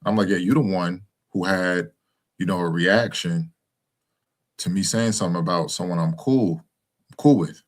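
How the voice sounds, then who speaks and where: Young man, very low voice, rambling casual monologue, lots of fillers. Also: normal speed, pauses often. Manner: rambling, with many fillers and restarts. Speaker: commentator speaking to his followers.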